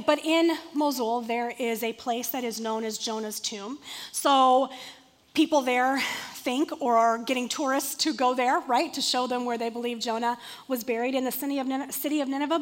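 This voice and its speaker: High-voiced woman preaching in a hall. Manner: conversational and animated, acting out quotes. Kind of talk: sermon. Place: room with a seated congregation.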